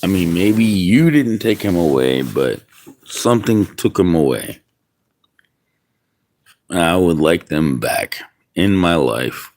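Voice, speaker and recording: Low-pitched male streamer, unhurried, rambling chat, outdoors. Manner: rambling, musing aloud. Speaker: livestreamer. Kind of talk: casual livestream chat. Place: outdoors in the wind.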